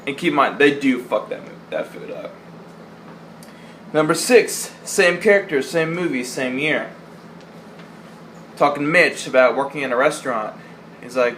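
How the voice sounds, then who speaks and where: Against a noisy background, a young man with a mid-range voice at normal speed counts down favorite movie lines for his vlog. His style is crude and jokey, and he does goofy voices for the quotes.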